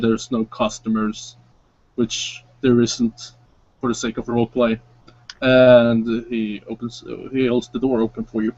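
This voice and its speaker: A man's voice: mid-range voice, a little mellow, no room sound. Casual man narrating tabletop role-play. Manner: casual, halting, with frequent fillers. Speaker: game master. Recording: dry, dull lo-fi sound.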